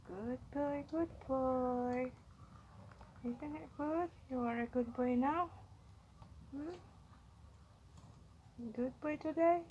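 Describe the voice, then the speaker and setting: A woman talking gently to her pet rabbits and to her viewers in a cooing, sing-song baby-talk voice. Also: high-pitched, a little hiss or hum, poor audio. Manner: coos and soothes in slow, soft sing-song. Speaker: pet vlogger.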